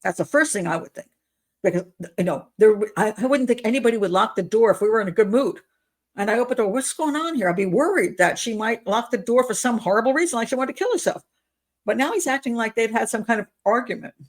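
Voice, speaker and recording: A woman's voice: on the high side, fast talker. Incredulous, sarcastic woman profiler. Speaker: criminal profiler host. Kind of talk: commentary.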